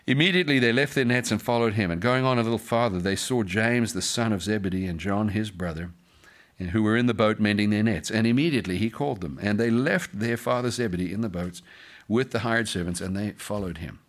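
A man with a lowish voice, speaking fairly quickly, reads scripture in a sermon. This pastor keeps pausing the reading to joke with and comment to his congregation.

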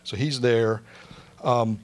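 A man delivers a sermon in church, his voice sitting in an ordinary middle pitch. He mixes quick jokes into plain teaching, then goes soft and hushed when he turns to prayer. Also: fairly even intonation. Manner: joking asides, drops to a soft hush for prayer. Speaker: pastor.

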